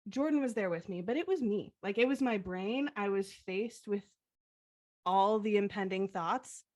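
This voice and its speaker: A young adult woman co-hosting a podcast, retelling a personal story in a heartfelt way and leaning on the filler "like". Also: mid-range voice. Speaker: podcast co-host.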